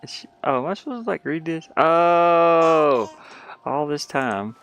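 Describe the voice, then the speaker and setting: A man's voice: a little high, very animated, a little fast, creaky, highs cut off, faint music behind. A man casually commenting while he plays his own game, rambling in mumbled asides.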